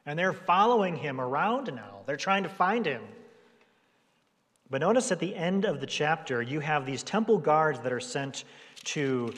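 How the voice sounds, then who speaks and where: A pastor delivers a sermon in a relaxed, conversational manner, his fairly high voice moving at a moderate pace. He briefly puts on voices for the people in his story. A long hall reverb trails his words.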